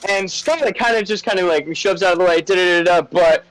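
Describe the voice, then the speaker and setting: A man's voice: high voice, brisk, a bit bright, no room sound, soft background music, low-quality recording. A man narrating as dungeon master in a tabletop game, in a loose and chatty way.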